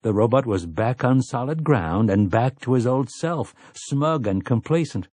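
A man narrating an audiobook in a measured, even storytelling manner. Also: medium pitch, slightly rough, no room sound.

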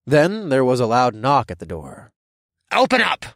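A man narrating a first-person story with an expressive, lively read, his pitch moving a lot. The recording is dry and close, with no room echo at all. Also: moderate pace. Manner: expressive, animated reading. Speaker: audiobook narrator.

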